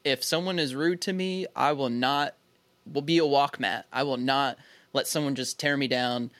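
A man's voice: mid-range voice, moderate pace, no echo. Laughing young man from Philadelphia. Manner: animated, laughs often, swears freely. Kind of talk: casual storytelling chat.

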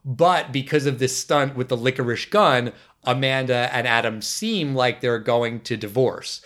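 A man hosting a casual movie podcast, talking in an opinionated, lively way. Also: mid-range voice, unhurried. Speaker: podcast host.

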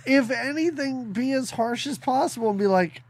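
A man's voice: extremely high pitch, moderate pace, a crowd in the background. A man co-hosting a podcast, casually recapping a movie and acting out characters' lines in jokey asides. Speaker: podcast co-host.

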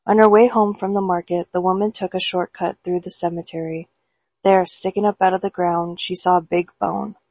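Brief: woman storyteller, gravelly and breathy, close and dry. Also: lowish voice, flat delivery, moderate pace, a little mellow, no echo, poor audio. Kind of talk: storybook reading aloud.

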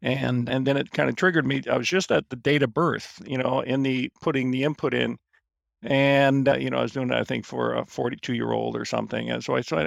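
Gravelly-voiced guy in his 50s rambling thru a podcast story, you know's everywhere, dry close sound. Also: mid-range voice, flat delivery, fairly quick, dry recording. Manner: rambling, many fillers and restarts. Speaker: guest, financial strategist. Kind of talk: casual storytelling interview.

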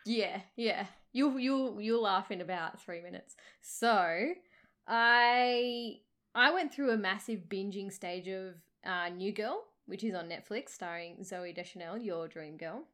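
Co-host: Aussie woman, late 20s, unhurried, teasing, giggles. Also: mid-range voice, fairly bright tone. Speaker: podcast co-host. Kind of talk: casual chat.

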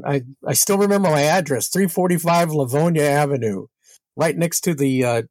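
A man's voice: a little high, brisk, darkish tone, no room sound. Laughing man telling stories from Brooklyn. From Brooklyn, New York. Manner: rambling, laughing anecdotes with many fillers. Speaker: podcast guest. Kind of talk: casual storytelling.

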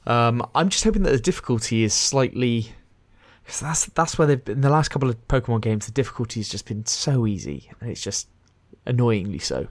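A man's voice: mid-range voice, animated, a little fast, no echo. A man co-hosting a gaming podcast, chatting casually and rambling with fillers and restarts. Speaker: podcast co-host. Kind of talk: casual chat.

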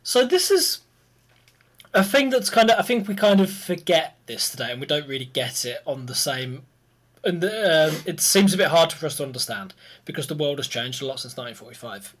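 A man's voice: fairly high pitch, lively intonation, fairly quick. A man hosting a history podcast, chatting easily and explaining things step by step. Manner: easygoing, laughs often, explains step by step. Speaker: podcast host presenting history. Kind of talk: casual chat and history explanation.

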